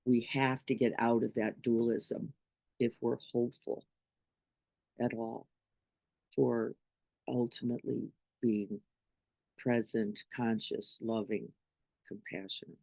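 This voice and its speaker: A woman's voice: extremely low pitch, little pitch movement, slow pace, creaky, pauses often, a little mellow, dry recording. A middle-aged woman giving an informal spiritual talk to a group as its teacher, in a conversational way that keeps checking in with her listeners. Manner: conversational, often checks in with "right?".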